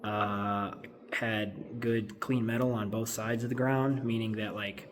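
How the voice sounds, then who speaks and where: Casual garage vlogger, man in his thirties, low voice, rambling filler-heavy delivery, faint shop ambience. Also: steady tone, slow, a little hiss or hum. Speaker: car builder. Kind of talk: casual garage build vlog. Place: home garage.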